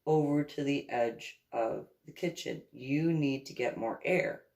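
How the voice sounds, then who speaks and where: A woman's voice: a bass voice, measured pace, creaky, a little mellow, exaggerated voice. A woman quoting a tall man who bluntly tells her to move away from the heat.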